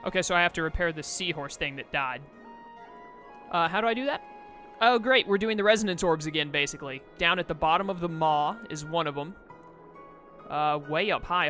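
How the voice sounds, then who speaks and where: A young let's play host with a fairly high, pushed, bright voice talks a little fast over soft background music. He comments casually on his gameplay, frequently exasperated and answering the game back.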